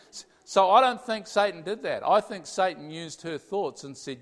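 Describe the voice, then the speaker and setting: A man's voice: high-pitched, normal speed, few pauses. A man preaching a conversational sermon with lots of energy, often checking in with the audience. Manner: animated, tags sentences with "okay?". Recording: long hall reverb.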